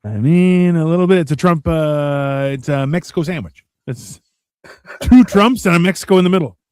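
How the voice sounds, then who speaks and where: A man's voice: a little high, normal speed, smooth, no room sound. A man co-hosting a casual livestream chat, joking and swearing freely as he spins silly stories. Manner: joking, profane, animated storytelling. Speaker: co-host.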